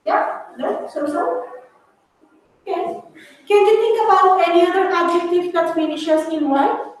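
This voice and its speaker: High-voiced woman teaching grammar, echoey. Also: steady tone, measured pace. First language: Spanish. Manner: switches between English and Spanish, calls students babies. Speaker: English teacher. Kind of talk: classroom grammar lesson. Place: classroom. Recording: echoey room, far from mic, faint noise.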